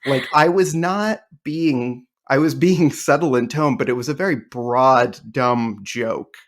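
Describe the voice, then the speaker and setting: A man chatting as a podcast guest, a comedian who tells long, rambling anecdotes with dry wit. His voice sits at an ordinary middle pitch for a man. The talk is loose and conversational, full of small restarts. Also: a little slow. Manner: rambling storyteller, dry and joking. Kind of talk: casual interview chat.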